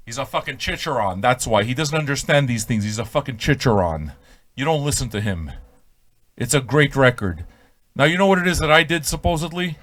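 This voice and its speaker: A middle-aged man hosting a casual radio show, rambling and swearing in a jokey way, with sudden loud bursts. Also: mid-range voice, animated, brisk. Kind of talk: casual profane radio banter.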